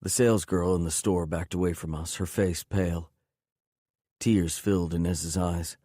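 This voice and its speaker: Deep, dark-toned male audiobook narrator. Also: fairly even intonation, normal speed, no room sound, studio quality. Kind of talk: scripted first-person narration.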